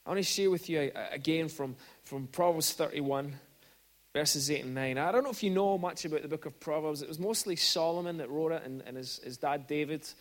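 A man preaching a sermon in a church, conversational with frequent restarts and animated storytelling. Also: on the high side, fairly quick. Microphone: microphone at pulpit.

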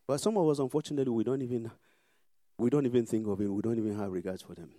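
Man preaching with a warm dry voice. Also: mid-range voice, very fast, no room sound. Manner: emphatic, repetitive, swings between loud exhortation and hushed prayer. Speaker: pastor. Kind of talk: preaching and leading prayer.

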